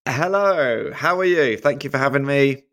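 A man's voice: medium pitch, normal speed, over a noisy crowd. A man, a comedian guest chatting casually in a friendly, slightly apologetic way. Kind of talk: casual chat.

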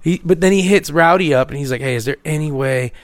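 A man casually telling a long profane story on a podcast, acting out the people in it with a lower voice. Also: quick pace, no room sound. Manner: profane, animated, acts out others in a lower voice.

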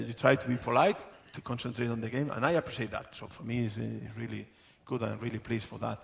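A man, a football club manager, answering questions on stage at a live event, halting with many fillers and often laughing. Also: medium pitch, fairly even intonation, vocal fry, slight background noise.

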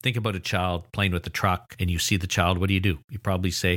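A man's voice: deep voice, level tone, fast talker, a bit bright. A man lecturing on child language development, explaining steadily and pushing his voice up for emphasis on key points. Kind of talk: recorded lecture.

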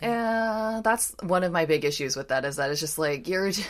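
A woman's voice: lowish voice, animated, normal speed. A woman hosting a podcast, chatting casually with a blunt, sarcastic manner. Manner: blunt, sarcastic, acts out quoted lines. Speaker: podcast host. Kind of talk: casual chat.

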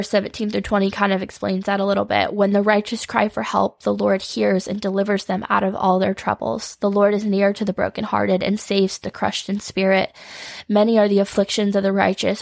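A woman's voice: mid-range voice, gravelly, no echo. A young woman hosting an unscripted devotional podcast, earnest and vulnerable, fighting back tears as she quotes scripture. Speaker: podcast host.

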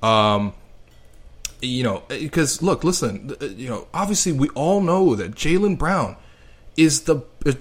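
A young man from Canada hosting a solo sports podcast, talking in a sarcastic, rambling and excitable way. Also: medium pitch, unhurried. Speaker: podcast host.

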